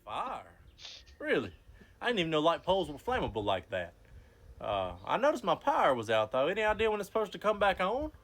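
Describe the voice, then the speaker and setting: A man's voice: sits high, huge pitch swings, brisk, a bit bright, exaggerated voice. A man voicing a folksy male boss with a casual drawl. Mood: puzzled.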